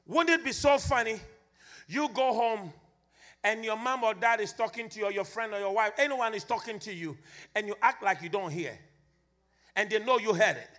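Male preacher, very high voice, fervent sing-song delivery, sermon to a gathering. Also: moderate pace, a bit bright. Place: church gathering.

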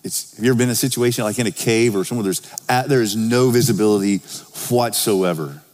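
Talking fast in a darkish, lowish voice, a man delivers a sermon as pastor, addressing the congregation conversationally and lifting his voice for scripture readings. The church sanctuary gives it a big-room sound.

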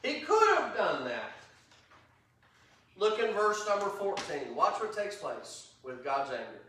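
A man preaching an interactive Bible teaching sermon, animated and quick to act out God's anger. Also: high voice, a little hiss or hum. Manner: animated, acts out God's angry voice, rising to shouts. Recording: roomy echo, voice from a distance.

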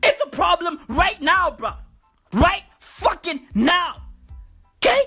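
A woman's voice: very high voice, sing-song, takes it slowly, pushed and bright, faint music behind. A woman delivering a profane, mocking comedy rant full of slang.

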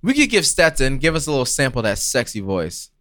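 Man, podcast co-host, teasing, lively pitch. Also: fast. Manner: joking, teasing. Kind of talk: casual chat.

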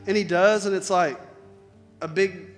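Man, high voice, conversational sermon, loud-to-soft dynamics, faint background music. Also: steady tone, measured pace, long reverb tail. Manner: conversational preaching, swings between loud emphasis and soft near-whispers. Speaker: pastor.

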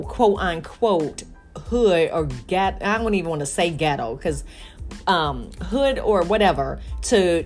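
A middle-aged woman from Chicago hosting her own podcast, talking candidly in a rambling way with many restarts and fillers. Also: on the low side. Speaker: podcast host. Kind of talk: casual solo podcast monologue.

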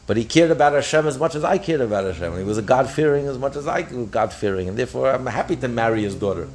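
A man teaching a daf yomi Talmud class, explaining with frequent restarts and acting out the sages' voices. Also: quick pace. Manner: animated, acts out the sages' voices with pitch jumps; repeats and restarts phrases while explaining.

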